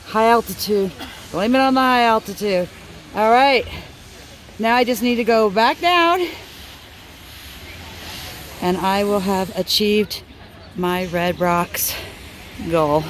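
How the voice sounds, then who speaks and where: A winded woman talks straight to her viewers in a relaxed, slow way. She films herself on a handheld phone at an outdoor amphitheater at high altitude. Faint outdoor noise sits under her voice. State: out of breath. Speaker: crafting channel host. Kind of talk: casual vlog chat. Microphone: handheld phone camera.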